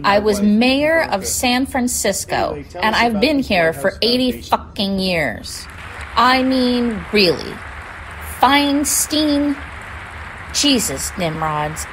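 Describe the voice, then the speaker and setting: A woman puts on a cranky old female senator in a comedy sketch who grumbles and swears at everyone around her. She speaks slowly, her pitch swinging widely and sitting a little high. A crowd murmurs in the background. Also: animated, rough recording. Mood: annoyed. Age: older. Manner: irritable, profane grumbling. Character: impression of an elderly female senator, crabby and foul-mouthed.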